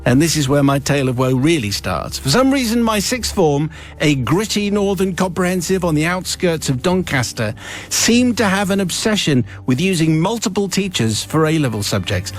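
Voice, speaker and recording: A man's voice: fairly high pitch, very animated, moderate pace, faint music behind. Wry man reading a listener's tale on radio. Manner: wry, theatrical storytelling with dry asides. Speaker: radio host. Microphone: studio microphone.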